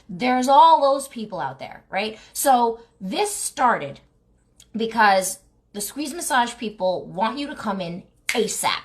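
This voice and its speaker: A woman's voice: mid-range voice, fairly bright tone. A woman who runs a massage clinic, talking casually and with exasperation to her viewers, asking rhetorical questions and saying "like" and "right?" often. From New Jersey, United States. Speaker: clinic owner and lymphatic massage therapist. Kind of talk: casual talking-head advice video.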